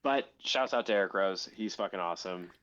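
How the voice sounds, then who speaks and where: A man telling a story in a casual podcast chat, laughing often, swearing and jumping up in pitch when he quotes others. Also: fairly quick, fairly bright tone, smooth, lo-fi sound. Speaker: podcast co-host.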